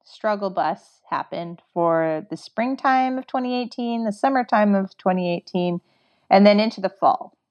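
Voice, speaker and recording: This muffled recording captures a woman from Canada, a record maker, speaking at normal speed in a mid-range voice. She's a guest in a casual interview, telling a story conversationally, voicing what she used to say, and peppering it with "like."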